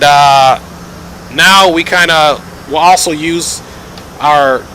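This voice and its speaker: A man talks through his flight sim session for a live stream in a loose, joking way, thanking viewers between callouts. His voice sits a bit high and sounds bright and forward. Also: a little hiss or hum, rough recording.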